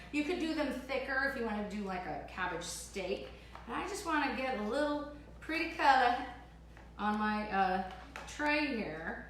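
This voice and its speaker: A woman hosting a live cooking demonstration, chatty and playful, with many fillers and restarts. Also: mid-range voice. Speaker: cooking show host. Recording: echoey room, far from the mic, noisy.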